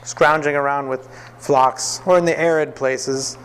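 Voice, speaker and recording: Man, Bible class teacher, lively storyteller, acts out quotes, slightly high voice. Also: measured pace, clear, resonant tone.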